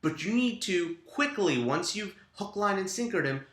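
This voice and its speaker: A man's voice: high voice, expressive, moderate pace, a bit bright, echoey room. A man co-hosting a casual podcast, giving frank, crude dating advice with emphasis. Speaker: podcast co-host. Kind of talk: casual chat.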